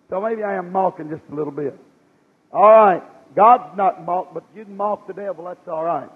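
A man's voice: high voice, brisk, husky, narrow, tinny audio. A man preaching a revival sermon in a folksy manner, putting rhetorical questions to his congregation and reading scripture aloud. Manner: reads scripture aloud in a rising cadence.

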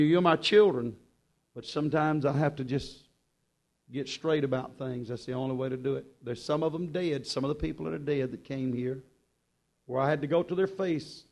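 Male preacher, higher voice, fervent sermon delivery with big swings in force. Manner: impassioned, swinging between loud urgent peaks and quiet low passages.

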